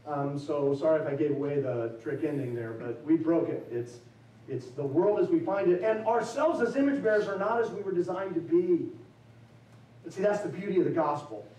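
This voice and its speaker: A man preaching a chapel sermon in a somewhat high voice. He talks loosely and conversationally, then climbs into slow, emphatic build-ups. The sound is roomy and picked up from a distance. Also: expressive, mellow. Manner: loose and self-deprecating, with fillers and restarts. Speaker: chapel speaker. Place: college chapel. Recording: echoey chapel, mic at a distance.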